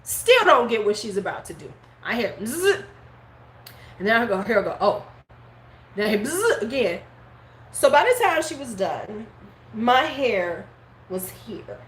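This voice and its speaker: Middle-aged woman vlogger, lively storyteller who cusses and acts out family voices, slightly high voice, echoey room. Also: unhurried. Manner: animated, swears freely, acts out relatives' words. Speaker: beauty vlogger hosting a live stream. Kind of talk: casual storytelling chat. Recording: roomy echo, faint background noise.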